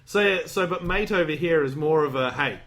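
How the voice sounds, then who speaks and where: A man's voice: a little high, a little fast, a crowd in the background. A man hosting a podcast, rambling and joking in casual chat, acting out lines from a movie. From Australia. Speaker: podcast host.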